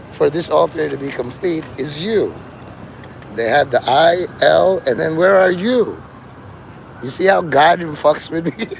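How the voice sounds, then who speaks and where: On a city street, a man livestreams, free-associating, swearing, and rambling as he talks to his chat. His slightly high voice is gravelly and strained, though he says it's normal for him, and there's slight background noise.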